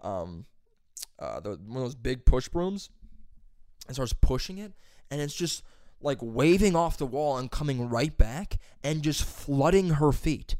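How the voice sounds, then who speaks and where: A young man talks casually and swears constantly as he rambles through a job story. His voice is clear and resonant. It sits at a middle pitch and is recorded close and dry. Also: very animated, measured pace, darkish tone, no echo. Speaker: plumber's helper telling a story. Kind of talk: casual chat.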